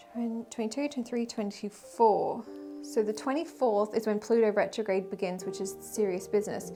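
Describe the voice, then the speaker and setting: A woman giving a casual weekly tarot reading, emotional and rambling, with sighs and soft laughs. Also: a little high. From Australia. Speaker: tarot reader and spiritual guide.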